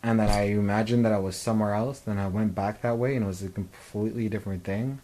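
Low-voiced dude in his 20s rambling on a podcast, lots of likes and ums. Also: fairly even intonation, fast, mellow, poor audio. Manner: rambling storyteller, many fillers and "like". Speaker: podcast co-host. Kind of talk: casual podcast chat.

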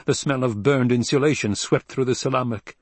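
A man narrating an audiobook in a steady, even storytelling manner. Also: medium pitch, a little fast, no room sound. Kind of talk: scripted narration.

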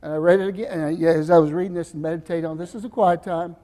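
An older male pastor preaching a sermon, questioning his congregation and answering himself, moving between loud emphasis and soft asides. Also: a little high, fairly even intonation, racing. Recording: reverberant church hall.

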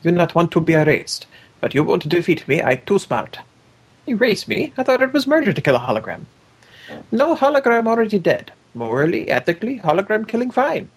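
A man's voice: high voice, sing-song, fairly quick, husky, pitched above the performer's own voice, full character voice. A man voicing a menacing villain who speaks in clipped, broken English. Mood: threatening. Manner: clipped, choppy phrasing.

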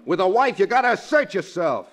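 A man's voice: high-pitched, very animated, a little fast. An actor playing a cocky, wisecracking male sidekick in a 1940s radio comedy. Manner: cocky, needling, jokey. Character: wisecracking brash male sidekick, a loafing secretary. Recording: old radio broadcast.

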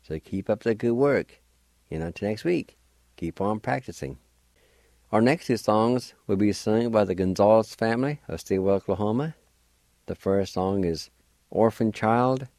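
A man's voice: lowish voice, moderate pace, darkish tone, no echo. A man hosting a radio language lesson, spelling words out letter by letter and patiently encouraging listeners to practice. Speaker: radio language teacher and host.

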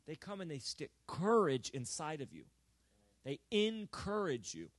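A middle-aged man preaching to a congregation, his voice sitting a little higher than most men's. He tells a story with acted-out dialogue, swinging from quiet asides to loud, fervent exhortation. The sound is close and dry, with little room reflection. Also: huge pitch swings, a little slow, no room sound. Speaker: pastor. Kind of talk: sermon.

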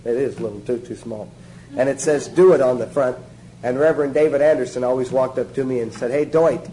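A man's voice: medium pitch, fast, background noise. A man giving a sermon-style teaching to a small group, emphatic and joking, repeating his instructions.

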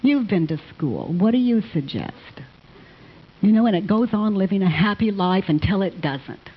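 Husky woman teaching a live audience. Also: medium pitch, very animated, normal speed. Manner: gentle, affectionate, calls people honey. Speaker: self-inquiry teacher. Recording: dull lo-fi sound.

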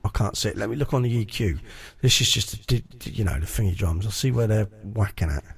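A man's voice: fairly low pitch, quick pace, creaky, slightly rough. A man on a stream, muttering to himself and repeating words as he tunes his mic and EQ. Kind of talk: casual live-stream chat.

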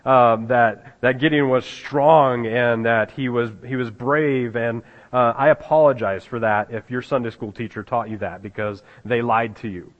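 A man preaching a conversational sermon as a pastor, pausing often with fillers and restarts, and chuckling at the scripture he reads. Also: medium pitch, fairly even intonation. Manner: halting, many fillers and restarts, chuckles at the text. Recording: dull sound in a reverberant hall.

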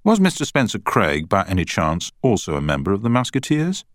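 A man voicing a sharp young male barrister who asks pointed, probing questions. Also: fairly low pitch, huge pitch swings, fairly quick, dry recording, studio quality, pitched above the performer's own voice.

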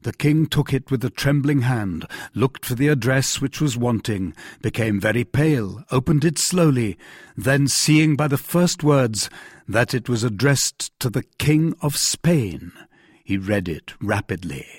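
A man narrating a classic novel as an audiobook, with an expressive, measured reading. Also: mid-range voice, husky, no echo, clean studio sound.

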